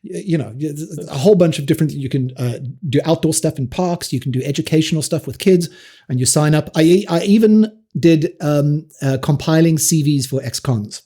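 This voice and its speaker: South African actor telling lively anecdotes. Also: male voice, on the high side, fairly quick, husky. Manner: animated anecdotes with frequent restarts and laughs. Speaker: podcast guest, actor. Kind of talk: casual interview storytelling.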